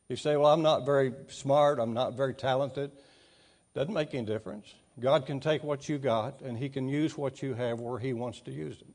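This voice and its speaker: A middle-aged man with a medium-pitched voice preaches a folksy sermon, reading scripture aloud and growing louder for emphasis.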